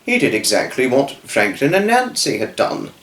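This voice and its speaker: A man telling a children's story off the cuff, halting and restarting his words. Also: medium pitch, huge pitch swings, a bit bright, echoey room. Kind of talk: improvised storytelling.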